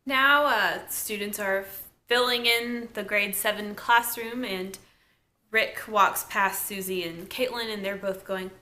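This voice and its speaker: A woman's voice: medium pitch, pushed and bright. A woman reviewing a TV episode in a casual, chatty recap full of asides and "like". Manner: chatty, lots of "like", laughs and asides. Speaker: TV show reviewer.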